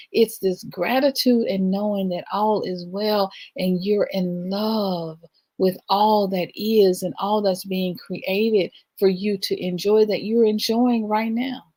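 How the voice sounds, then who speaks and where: A woman's voice: on the low side, a little mellow. A middle-aged woman hosting a livestream, giving an emphatic spiritual talk and often asking "right?". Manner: emphatic, rhythmic, repeats "right?". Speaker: livestream host. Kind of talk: spiritual talk to a live audience.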